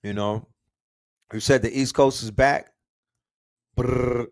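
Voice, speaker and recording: A man's voice: medium pitch, steady tone, slow pace, no room sound. Slangy male livestream host, dry sound. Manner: slangy, shouting out viewers' cities. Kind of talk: casual livestream chat.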